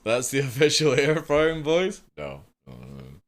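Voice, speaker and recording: A man's voice: fairly high pitch, wildly swooping pitch, measured pace. A young man chatting casually with his stream viewers, rambling and swearing freely as he reads chat aloud. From United Kingdom. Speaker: live streamer.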